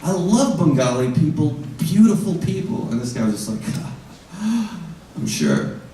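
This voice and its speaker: A young American man performs a stand-up set on a live comedy stage, animated and acting out both sides of his stories' dialogues. His voice is on the high side and fairly quick. It's captured from afar in a roomy venue, with a little hiss or hum and a faint crowd.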